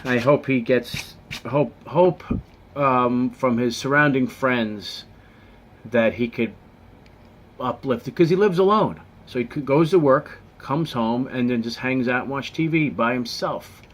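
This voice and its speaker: A man's voice: medium pitch, measured pace. A man telling a personal story in a casual vlog, earnest and rambling. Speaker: vlogger.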